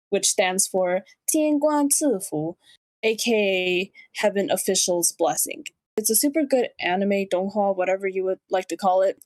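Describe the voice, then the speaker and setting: A woman's voice: medium pitch, a little mellow, dry recording. A young woman hosting a comedic reaction video, joking sarcastically and correcting how names are pronounced. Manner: playful, sarcastic, corrects pronunciations. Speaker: reaction channel host.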